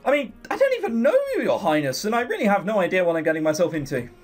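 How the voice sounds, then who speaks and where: A man's voice: high voice, very animated, rapid-fire, soft background music. A man reading the lines of a nervous young servant girl who babbles self-consciously. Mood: flustered.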